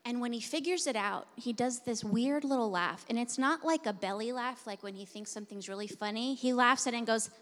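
A woman pastor preaching a sermon, moving between hushed, intimate passages and loud, forceful declarations. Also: on the high side, fairly quick, few pauses. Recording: long hall reverb.

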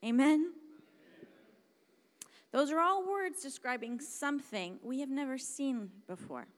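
A woman preaching a sermon, dramatic and emphatic, dropping to hushed whispers and then rising to loud exclamations. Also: sits high, very animated, normal speed. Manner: emphatic, repeats words for stress.

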